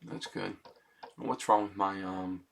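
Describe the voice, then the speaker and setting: A man talking casually into his computer's webcam mic, rambling and self-conscious and often adding "man" and "you know", then quietly reciting his own song lyrics. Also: low voice, flat delivery, slow, gravelly. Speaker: amateur songwriter.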